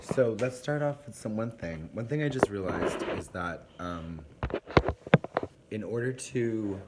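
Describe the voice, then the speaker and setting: A man chatting casually on a livestream, telling a rambling, animated story with plenty of swearing. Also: fairly low pitch, a little slow, heavy background noise.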